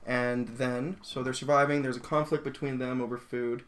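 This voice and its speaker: A man on a casual debate panel, recounting a movie scene in quick, breathless bursts with laughs. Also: mid-range voice, little pitch movement, fairly bright tone. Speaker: panel guest.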